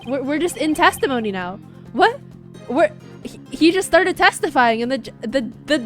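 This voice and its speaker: A woman's voice: sits high, lively intonation, a bit bright, faint music behind. Sarcastic young woman streamer. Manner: sarcastic, swearing, quick asides. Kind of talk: casual game commentary.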